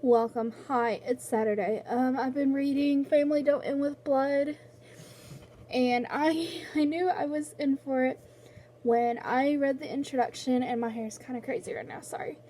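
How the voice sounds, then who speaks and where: A young woman with a high, mellow voice talks slowly and rambles through her vlog, stopping and restarting her sentences. She sounds tearful, close to crying. A faint hiss sits under her voice. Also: steady tone. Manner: rambling, halting, full of fillers and restarts. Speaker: book vlogger. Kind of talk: casual vlog chat.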